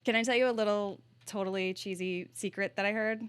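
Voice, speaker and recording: A woman from Virginia hosting a casual interview, chatty and animated, laughing easily as she tells stories. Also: mid-range voice, fairly quick, clean tone. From Virginia, USA. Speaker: podcast host.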